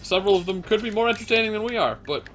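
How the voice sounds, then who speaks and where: A man's voice: high-pitched, expressive, racing, a bit bright, soft background music. A young man co-hosting a let's play, chatting casually in a rambling way with fillers and laughs. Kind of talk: casual gaming commentary.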